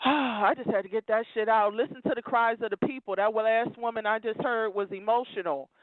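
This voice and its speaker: A woman's voice: fairly high pitch, a little fast, no room sound. A woman calling in to a talk show, emotional and preaching fiercely, repeating phrases for emphasis. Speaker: caller. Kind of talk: impassioned call-in rant. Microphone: phone. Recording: tinny dry phone line.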